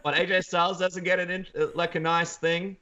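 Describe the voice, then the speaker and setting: A man's voice: high-pitched, flat delivery, fairly quick, pushed and bright, highs cut off. Australian man telling rambling jokey stories. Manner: rambling joking storyteller. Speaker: podcast host. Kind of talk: casual podcast banter.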